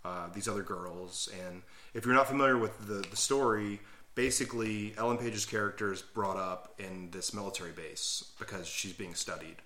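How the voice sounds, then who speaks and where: An enthusiastic man rambling through long explanations as a podcast co-host, with a somewhat low voice that sounds bright and forceful. His voice rings with roomy echo. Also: steady tone, moderate pace. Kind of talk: casual chat.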